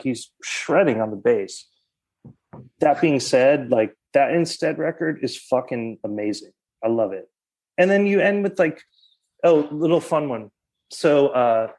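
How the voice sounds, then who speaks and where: Podcast guest, man, mid-range voice; animated casual talker, salty language. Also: mid-range voice. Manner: animated, swears, heavy use of "like". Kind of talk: casual chat.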